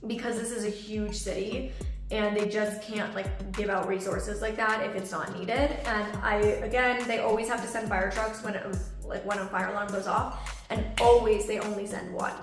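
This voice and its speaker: A young woman vlogger telling a story in lively, animated detail, acting out what people said. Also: mid-range voice, moderate pace. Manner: animated storytelling, acts out quoted voices. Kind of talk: storytime vlog. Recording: echoey room with background music. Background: soft background music.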